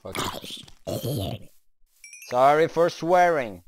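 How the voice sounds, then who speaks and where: Excitable young man with lively pitch. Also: drawn-out words, long pauses, background noise. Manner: excitable, talks to the game's creatures, curses. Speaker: let's play gamer. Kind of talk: let's play commentary.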